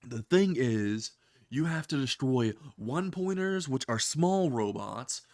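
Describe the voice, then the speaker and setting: A man's voice: mid-range voice, animated, unhurried, darkish tone, no echo, studio quality. A man voicing a male teacher who announces the rules and complains in a casual way. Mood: annoyed.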